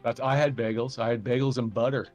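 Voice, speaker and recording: A man from Southern Ontario chatting casually as a podcast guest, rambling and halting with lots of fillers and restarts. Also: mid-range voice, fairly even intonation, a little mellow, lo-fi sound, faint music behind. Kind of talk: casual chat.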